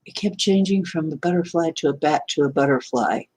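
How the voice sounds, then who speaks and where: A woman's voice: low-pitched, fairly quick, darkish tone, breathy edge. A woman casually recounting a dream and a night phone call, rambling and correcting herself, often laughing. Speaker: channel host. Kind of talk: casual storytelling to camera.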